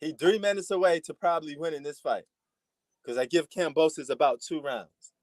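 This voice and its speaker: A man's voice: on the high side, normal speed, a little mellow, no echo. A man from New York with a New York accent, giving slangy, laid-back live commentary on a boxing match as a stream host. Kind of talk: casual live fight commentary.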